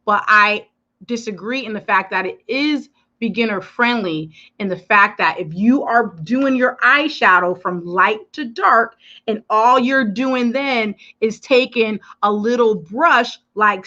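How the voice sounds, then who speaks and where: Bright, chatty woman on a lo-fi livestream. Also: medium pitch. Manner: chatty, addresses viewers directly, answers comments; animated, emphatic. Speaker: beauty influencer. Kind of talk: live makeup tutorial chat. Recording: dull lo-fi livestream audio.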